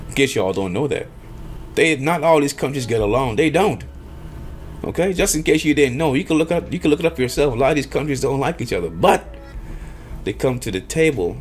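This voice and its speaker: A man's voice: mid-range voice, slight background noise. A man delivering an emphatic monologue, lecturing and firing off rhetorical questions. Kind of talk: emphatic monologue on power politics.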